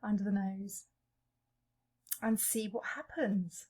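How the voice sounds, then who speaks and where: A woman leading a guided EFT tapping session, calling out each tapping point in a slow, gentle way. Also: medium pitch, steady tone, slightly rough.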